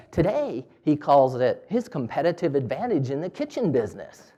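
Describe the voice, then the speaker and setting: A man with a fairly high-pitched voice gives an animated storytelling talk as a business owner, speaking at a moderate pace. He acts out the dialogue in different quoted voices.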